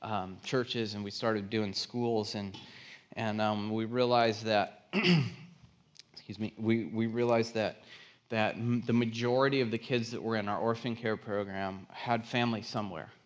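A man's voice: fairly low pitch, a little slow. A man preaching as a guest speaker in a church, telling a story and acting out the people's voices. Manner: animated storyteller acting out quotes. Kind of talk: sermon with storytelling. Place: church stage.

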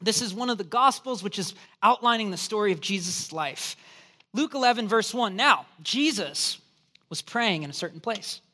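A man preaching a sermon as pastor, telling a humorous story in an animated, joking way. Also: sits high, moderate pace. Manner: animated, joking storyteller, acts out quoted voices.

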